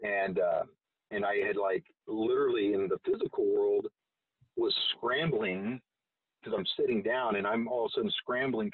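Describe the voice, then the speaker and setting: A man's voice: fairly low pitch, breathy edge, no echo, recorded from a distance. A man telling a long personal story in a casual, rambling way with frequent swearing. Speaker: guest. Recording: tinny phone-like sound from off-mic.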